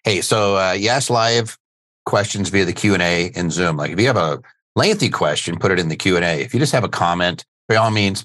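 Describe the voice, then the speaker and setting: Deep-voiced joking male podcast host. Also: a bit bright, dry recording. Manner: jokey, laughs easily, rambling. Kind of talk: casual live webinar chat. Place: studio.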